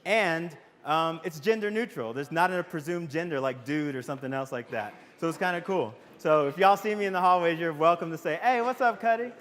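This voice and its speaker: A man's voice: fairly high pitch, a little fast, hardly any pauses, a bit bright. A man from giving a casual, jokey convocation talk to students, telling stories and asking the audience questions. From Waco, Texas. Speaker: psychology professor. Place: large hall with audience. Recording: long hall reverb.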